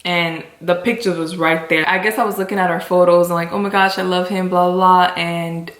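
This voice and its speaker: A woman's voice: lowish voice, little pitch movement, a little fast, fairly bright tone. A young woman telling a personal story to her viewers in an emotional, confiding way. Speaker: vlogger. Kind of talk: storytime chat. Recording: roomy echo.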